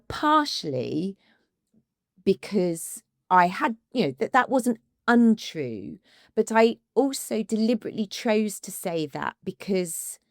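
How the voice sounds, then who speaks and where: Emotional woman, low-ish voice. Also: no room sound, studio quality. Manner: emotional, halting, restarts often. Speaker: ADHD coach and podcast co-host. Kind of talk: casual podcast conversation.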